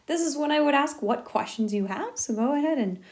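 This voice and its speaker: A woman's voice: high-pitched, lively intonation, a little fast, a little mellow. A woman teacher walking through a recorded lesson step by step, upbeat and encouraging.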